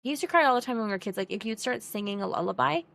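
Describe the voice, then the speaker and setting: A woman's voice: on the high side, expressive, rapid-fire, vocal fry, a bit bright. A young woman co-hosting a podcast, chatting casually and laughing often as she retells family moments. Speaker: podcast co-host. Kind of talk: casual chat.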